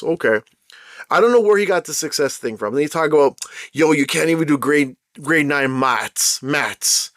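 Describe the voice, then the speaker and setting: A man's voice: a little high, no room sound, clean studio sound. Indignant man ranting on a podcast. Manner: heated, indignant, rhetorical questions, slangy. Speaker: podcast host. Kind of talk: ranting solo podcast monologue.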